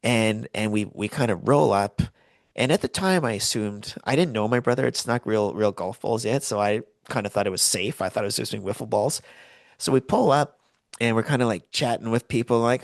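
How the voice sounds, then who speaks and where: A man's voice: lowish voice, normal speed, creaky, no room sound. A middle-aged man co-hosting a podcast, telling a story in casual chat and acting out the voices of the people in it. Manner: animated storyteller, acts out voices in quotes. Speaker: podcast co-host.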